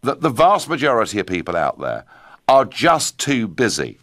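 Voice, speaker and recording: A man hosting a radio phone-in, talking to callers in a forceful, emphatic way. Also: medium pitch, normal speed, dry recording, clean studio sound. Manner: forceful, emphatic, lively delivery. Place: radio studio. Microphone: studio microphone.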